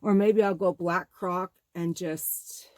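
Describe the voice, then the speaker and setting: Gushing, rambling woman with a low voice. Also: fairly even intonation, takes it slowly, no echo. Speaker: bag-making channel host. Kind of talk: casual show-and-tell vlog.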